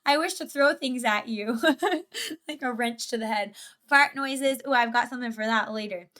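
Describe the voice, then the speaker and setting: A woman's voice: on the high side, normal speed, pushed and bright. A young woman streaming a reaction video, chatting casually with a bubbly, giggly and easily sidetracked manner. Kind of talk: casual livestream reaction chat.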